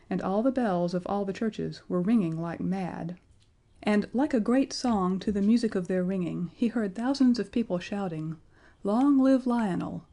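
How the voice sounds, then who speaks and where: A woman reading a classic storybook aloud, gentle and lively, with little asides to the listener. Her voice is mellow and soft, sitting at an ordinary pitch.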